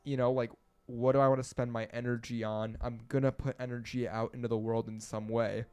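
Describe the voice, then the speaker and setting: Man, 20s, podcast guest, animated, rambling, laughs often, casual chat. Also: medium pitch, a little fast, clear, resonant tone, faint music behind.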